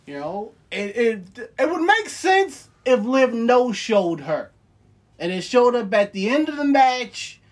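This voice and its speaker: A man's voice: very high-pitched, very animated, measured pace. A man co-hosting a casual wrestling podcast, arguing his points insistently. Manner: argumentative, insistent. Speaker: podcast co-host.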